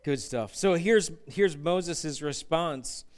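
A man preaching a sermon in an animated way, acting out quotes in put-on voices. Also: on the high side, slow. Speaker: pastor.

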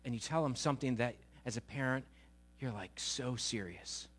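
A man preaching a sermon, conversational and animated, often asking his listeners questions. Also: mid-range voice, normal speed. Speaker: pastor.

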